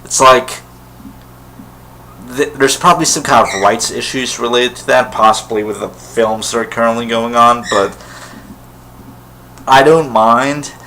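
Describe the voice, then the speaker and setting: A vlogger with a medium-pitched, bright, forceful voice takes his time talking to camera, enthusiastically rambling as a fan with lots of ums and restarts. Poor audio quality and a faint background hum accompany this casual solo commentary.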